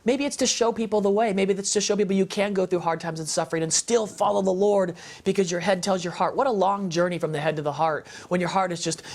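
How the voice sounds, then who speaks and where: A man's voice: sits high, fairly even intonation, fast, few pauses, a little mellow. A man giving a heartfelt, passionate faith testimony as a guest, talking in an emphatic, conversational way and repeating phrases for stress. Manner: conversational, with fillers and restarts. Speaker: guest speaker on a parenting show.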